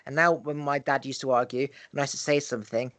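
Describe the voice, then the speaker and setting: A man hosting a podcast, explaining his points in an animated way and acting out examples. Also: mid-range voice, fast, no echo. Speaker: podcast host. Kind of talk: casual podcast chat.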